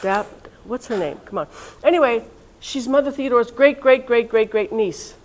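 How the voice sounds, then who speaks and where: A woman in religious life gives a casual, lively talk at a college event and keeps turning to the audience with questions. Her voice sits fairly high. She sounds warm, chatty and at ease in front of the room. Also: moderate pace, a little hiss or hum, rough recording. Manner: chatty and lively, talks directly to listeners. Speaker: religious sister leading a reunion session. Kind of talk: informal talk to a live audience.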